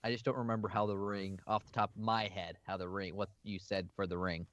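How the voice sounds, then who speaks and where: A man at a tabletop game, thinking aloud and hesitating as he works things out. His voice sits on the low side. The sound is dry and a little muffled, like lo-fi stream audio. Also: level tone, brisk, fairly bright tone, dry recording. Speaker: player.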